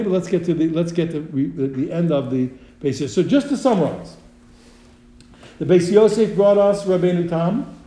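Animated male teacher in a roomy space. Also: on the high side. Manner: thinking aloud, many restarts, animated. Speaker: Torah teacher. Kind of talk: text study lesson.

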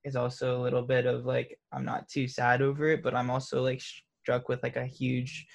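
A relaxed man with a gravelly, fry-heavy voice, talking casually in an interview. He drifts through his answers with lots of fillers and laughs easily. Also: mid-range voice, moderate pace. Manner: laid-back, laughs often, many fillers. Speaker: interviewed musician.

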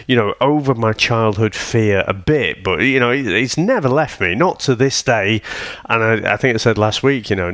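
A man's voice: medium pitch, a bit bright, no echo. A man, telling stories on a casual podcast, swearing freely and laughing often. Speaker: podcast co-host. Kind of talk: casual chat.

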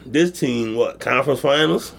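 A man's voice: mid-range voice, normal speed, gravelly, a little hiss or hum. A man co-hosting a casual sports podcast, teasing his co-host and laughing along.

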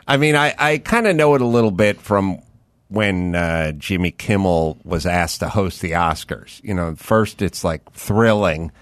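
Low-voiced male podcast host riffing. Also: no room sound. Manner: riffing, conversational, comparing and musing aloud. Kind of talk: casual interview chat.

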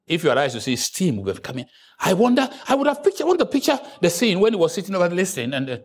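Animated man preaching. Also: a little fast. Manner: animated preaching, jumping from hushed asides to loud high outbursts. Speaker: pastor. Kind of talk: sermon.

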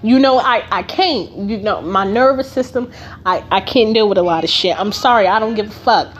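A woman's voice: medium pitch, normal speed, husky. A woman podcast host telling a personal story in a blunt, heavily profane, emphatic way.

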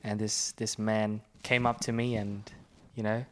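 A young male church minister, his voice on the low side with little pitch movement, gives an earnest personal testimony in a faith conversation. He speaks at a measured pace and reads scripture aloud with mounting force.

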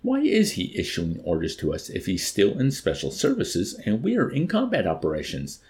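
A man's voice: lowish voice, huge pitch swings, moderate pace, darkish tone. A man reading aloud and voicing a vain, panicky male army general who wails and whines. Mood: peevish. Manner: wailing, whiny.

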